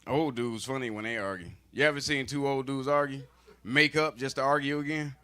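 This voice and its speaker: A man's voice: mid-range voice, steady tone, a little fast, pushed and bright, clear, resonant tone. A man doing a stand-up comedy set, telling stories in a loose, profane, conversational way.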